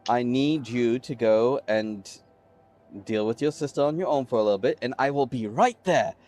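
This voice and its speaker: A man's voice: fairly high pitch, sing-song. Man voicing a sly, scathing old cook. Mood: gentle, coaxing. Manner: scathing, drawn-out scolding turning quietly threatening. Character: exasperated, sly male innkeeper-cook with blocky teeth.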